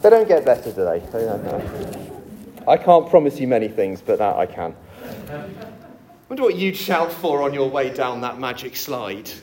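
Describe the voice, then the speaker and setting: A man preaching a sermon, explaining scripture with a lively, jokey storytelling delivery. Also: medium pitch, moderate pace, pauses often.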